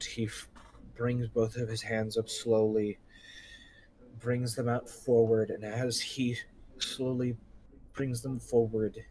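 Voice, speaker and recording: A man narrating a tabletop game as game master, describing the scene slowly. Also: medium pitch, a little mellow, a little hiss or hum, rough recording. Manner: slow, drawn-out descriptive narration.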